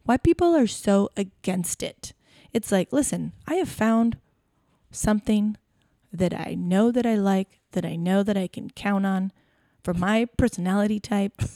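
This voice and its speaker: A young woman chats as a podcast co-host, playful and full of laughter. She winds herself up into mock-indignant rants. Her voice sits at an ordinary pitch, recorded close and dry. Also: expressive, a little slow, mellow, no room sound. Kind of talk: casual chat.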